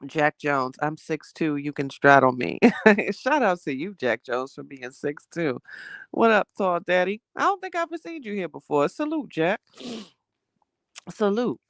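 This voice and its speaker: A woman's voice: on the low side, measured pace, no room sound. A young woman, livestreaming and telling a dating story to her chat in a casual, laughing way. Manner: animated, laughing, reads chat names aloud. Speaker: livestream host.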